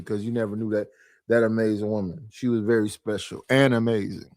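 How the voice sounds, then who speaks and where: A man's voice: lowish voice, fairly even intonation, fairly quick, darkish tone, no room sound, clean studio sound. Exasperated man ranting on a livestream. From Oakland, California. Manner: exasperated, rhetorical, profane. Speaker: livestream host. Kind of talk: casual livestream rant. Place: his living room.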